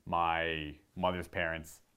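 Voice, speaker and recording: A man from Ontario, chatting casually on his channel, rambling and correcting himself and getting animated while demonstrating. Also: deep voice, slow pace, clean tone. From Ontario, Canada. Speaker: video host answering viewer questions. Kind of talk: casual chat.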